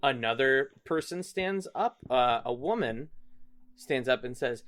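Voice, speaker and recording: A man narrates a tabletop role-playing game as the game master. He rambles with many ums and likes, at an average pitch. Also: animated, unhurried, fairly bright tone. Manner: rambling, filler-heavy narration.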